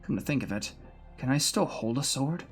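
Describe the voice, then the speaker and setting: A man voicing a weary old male swordsman who awaits death, speaking in a slow, brooding, resigned way over faint music. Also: mid-range voice, expressive, lightly acted. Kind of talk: fan voice reading of a game story.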